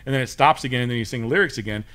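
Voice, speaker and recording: A man's voice: medium pitch, racing, a bit bright. A man co-hosting a podcast, chatting loosely and telling party stories, laughing and swearing as he goes. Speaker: podcast co-host. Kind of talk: casual chat, anecdotes.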